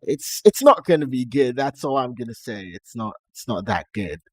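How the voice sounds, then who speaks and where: A man's voice: medium pitch, lively intonation, normal speed, darkish tone, breathy edge, no echo. A young Nigerian man speaking in a put-on generic American-Canadian accent, chatting casually on a live stream and often laughing at himself. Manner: chatty and self-amused, laughing between remarks.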